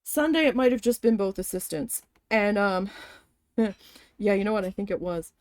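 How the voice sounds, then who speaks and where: At normal speed and a mid-range pitch with no echo, a woman vlogger tells a casual story while embroidering. She rants about an old job with lots of energy, swearing and playing out what others said in their voices.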